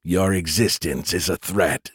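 A man voicing a slow, cold robotic AI. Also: slightly rough, no room sound, clean studio sound, exaggerated voice. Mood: cold, mechanical. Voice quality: mechanical, slow, low. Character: cold robotic male alien AI, menacing, flat.

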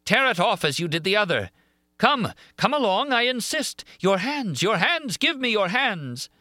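A man doing a tormented, disfigured man who rises well above his own voice, loud and bright. He swings between grand roaring boasts and desperate pleading in a storybook reading. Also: mid-range voice, lively intonation, moderate pace, dry recording, clean studio sound, voice pushed up. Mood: taunting. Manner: roaring, then sobbing and pleading. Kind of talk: audiobook character reading.

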